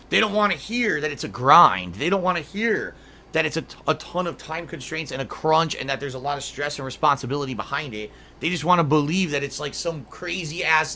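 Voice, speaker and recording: A man talks straight into his desk mic in a home office, complaining and swearing. His voice sits a touch high and comes across bright and sharp, and his exasperation keeps the delivery lively. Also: normal speed, slight background noise. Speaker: streamer. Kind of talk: ranting stream monologue.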